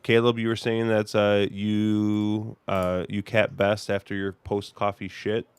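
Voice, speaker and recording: A man's voice: on the low side, level tone, unhurried, smooth, no room sound. A man with a stuffy, congested voice, hosting a casual podcast chat and rambling with lots of fillers. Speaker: podcast host. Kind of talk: casual horse racing chat.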